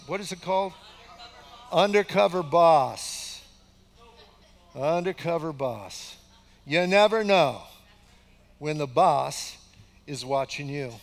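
An older pastor in his sixties preaches in a folksy, conversational way, leaning hard on repeated phrases for emphasis. His voice sits high for a man. The sound trails off in the long reverb of a large church hall. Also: creaky, fairly bright tone. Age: 60s. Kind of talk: conversational sermon. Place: church sanctuary.

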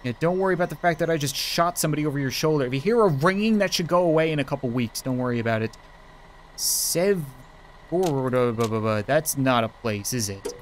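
A gaming YouTuber, a man, doing let's play commentary in a joking, excitable way, talking back to the characters on screen. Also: a little high, a little fast, a little hiss or hum.

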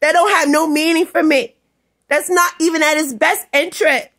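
A woman vlogger in an angry, rambling rant, swearing constantly and often breaking into shouts. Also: high voice, fairly even intonation, normal speed. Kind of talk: ranting vlog monologue.

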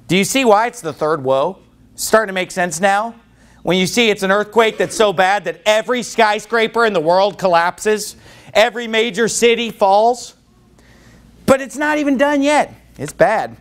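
A man preaching a fiery sermon to a congregation, whose voice climbs into shouting when he gets worked up. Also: high voice, expressive, normal speed. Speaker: pastor.

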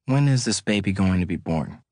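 A man playing a hard-bitten police officer who questions a suspect in a slow, half-friendly, judging drawl. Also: deep voice, expressive, a little mellow, no echo, studio quality. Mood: menacing.

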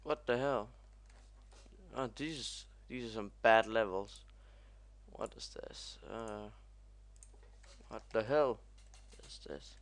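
A young man commentating as he plays a video game, excitable and swearing often. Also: lowish voice, slow, long pauses. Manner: excitable, swears a lot, yelps at crashes. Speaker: gaming commentator. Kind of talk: let's play commentary.

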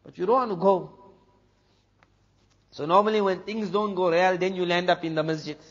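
A man from South Africa, a preacher telling a story in an animated way, dropping to a hush for the dramatic moments. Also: sits high, normal speed. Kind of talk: storytelling talk. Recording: dull lo-fi recording with long hall reverb.

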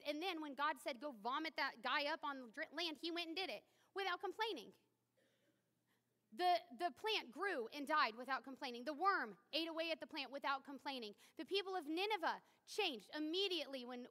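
In a church hall with long reverb, a woman in her thirties delivers a sermon in a high, sharp voice. She keeps it chatty and joking, tossing in playful asides.

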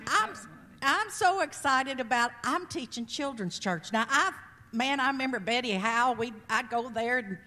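A woman's voice: fairly high pitch, fairly bright tone, long reverb tail. A woman in her sixties with a Southern accent, giving an earnest, chatty missionary testimony at church. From Kentucky. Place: church sanctuary.

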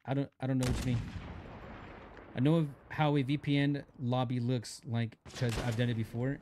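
A man's voice: mid-range voice, level tone, moderate pace, warm tone, slight background noise. A young man live-streaming a mobile shooter, chatting casually in slang while greeting viewers and reading chat aloud.

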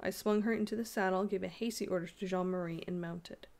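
A woman narrating a classic ghost story aloud in a steady, measured way. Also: fairly low pitch.

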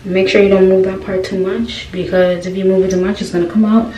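A woman's voice: medium pitch, level tone, fairly quick, mellow. A chatty young woman talks viewers through a casual hair tutorial, often turning to them with questions. She sounds set back from the camera in an echoey room. A faint hiss sits under her voice. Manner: chatty, keeps asking viewers "y'all" questions. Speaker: beauty vlogger. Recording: roomy, distant with faint noise.

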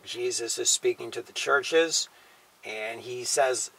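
A man teaching the Bible in a casual sermon style, often tagging his points with a quiet "okay?" or "you know". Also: medium pitch, slow, vocal fry, slightly rough, low-quality recording. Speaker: preacher.

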